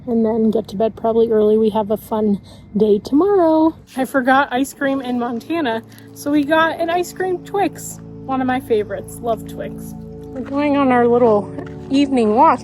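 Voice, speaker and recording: A woman's voice: a little high, darkish tone. A young woman narrating a casual travel vlog outdoors, chatty and playful. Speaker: vlogger. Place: outdoors in national parks and campground. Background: music.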